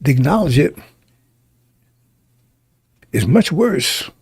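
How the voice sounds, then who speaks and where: A man's voice: fairly high pitch, big pitch swings, slow pace, husky, dry recording. A man preaching a sermon in an emphatic, repetitive way, often turning to ask his listeners if they understand.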